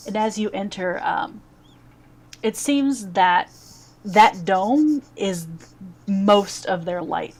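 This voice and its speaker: A woman narrating a tabletop game as game master, describing scenes in a halting way with frequent pauses. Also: medium pitch, lively intonation, gravelly, darkish tone. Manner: halting, many fillers and restarts while describing scenes.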